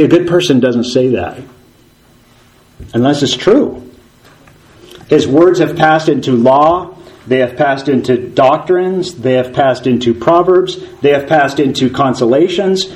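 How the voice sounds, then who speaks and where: A man's voice: mid-range voice, unhurried, darkish tone, low-quality recording. A man preaching a sermon, earnest and conversational, with frequent rhetorical questions and occasional ums and restarts.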